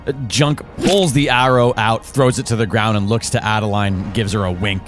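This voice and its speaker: A man taking part as a player in a tabletop game, talking in a casual, unhurried way. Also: lowish voice, faint music behind.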